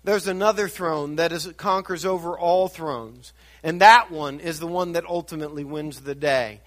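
Animated high-voiced older preacher. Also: male voice. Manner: dynamic preaching, swinging from hushed to shouted emphasis. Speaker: pastor. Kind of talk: sermon.

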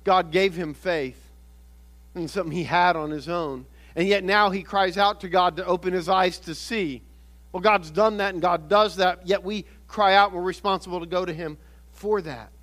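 High-voiced man preaching a sermon. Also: normal speed, a bit bright. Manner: earnest, explanatory preaching with self-corrections. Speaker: pastor.

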